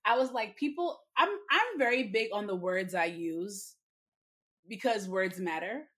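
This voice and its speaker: Emphatic woman co-host, mid-pitched voice. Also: lively intonation, unhurried, a bit bright. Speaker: podcast co-host. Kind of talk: casual podcast chat.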